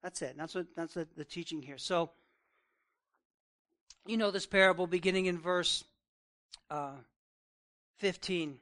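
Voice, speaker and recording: A man's voice: sits high, unhurried, pauses often, a bit bright. A male pastor preaching a conversational sermon, reading scripture aloud and asking the congregation direct questions. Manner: reads scripture aloud, then riffs on it.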